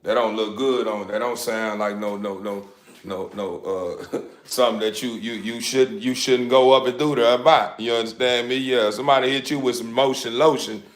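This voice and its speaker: Homem falando devagar e repetindo muito, voz um pouco grave, sala com eco e leve ruído. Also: male voice, on the low side, steady tone, moderate pace, roomy sound. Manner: rambling, repetitive, laughing, addressing viewers. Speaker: dog breeder livestreaming. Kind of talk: casual livestream chat.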